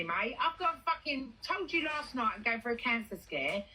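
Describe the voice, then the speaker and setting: A woman's voice: on the high side, sing-song, normal speed, sharp tone, low-quality recording. A young woman, talking bluntly in a casual live chat. She swears freely and puts strong emphasis on her words.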